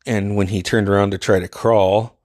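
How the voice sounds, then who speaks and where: A man's voice: on the low side, little pitch movement, normal speed, darkish tone, no echo, clean studio sound. A man casually telling a profane, exasperated story and acting out what people said. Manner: profane, exasperated, acts out quotes.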